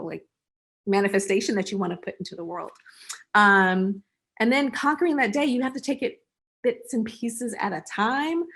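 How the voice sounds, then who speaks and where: Animated woman with a gravelly edge. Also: medium pitch. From United States. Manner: animated, acts out little voices of friends. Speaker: interview guest. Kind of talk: casual conversational interview.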